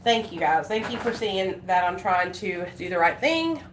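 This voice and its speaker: A livestreaming vlogger with a mid-range, animated voice talks at a moderate pace. Her casual chat is rambling and emotional, marked by many fillers and restarts, in an echoey space with slight noise.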